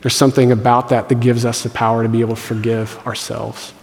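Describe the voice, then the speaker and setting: Pastor preaching in a reverberant hall. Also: male voice, medium pitch, little pitch movement, fast, gravelly, darkish tone, a little hiss or hum. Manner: conversational and joking, with playful voiced asides. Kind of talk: sermon.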